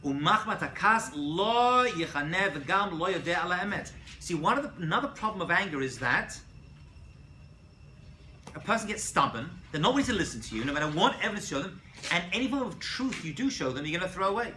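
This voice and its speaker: A man teaching a college class as a rabbi, lively and quizzing his students, correcting himself as he goes. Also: sits high, a little fast, slight background noise. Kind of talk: classroom lecture. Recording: roomy classroom picked up from a distance.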